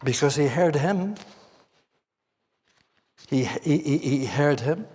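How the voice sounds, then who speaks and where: A man's voice: on the high side, lively intonation, slow pace, a little mellow. A man with a Northern Irish accent preaching a sermon in a church meeting hall, earnestly putting questions to his listeners.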